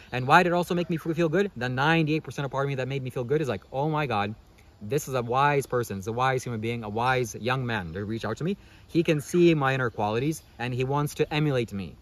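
Man, fast talker, rambling motivational monologue, rhetorical questions, keeps saying "okay?". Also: medium pitch. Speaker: spiritual vlogger.

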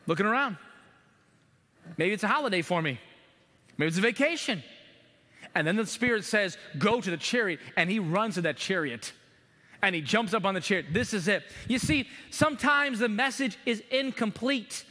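A middle-aged man preaches from the pulpit in an animated way, often slipping into acted-out prayers to God. His voice sits high and bright. The sound carries a long church reverb. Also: moderate pace. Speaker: pastor. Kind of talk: sermon. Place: church sanctuary.

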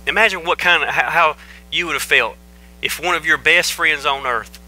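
A man preaches with a sharp, bright, forceful voice. He hammers his points home by repeating short phrases. It is a plain, earnest church sermon. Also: fairly high pitch, normal speed, poor audio. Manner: emphatic, repeats phrases for stress. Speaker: pastor.

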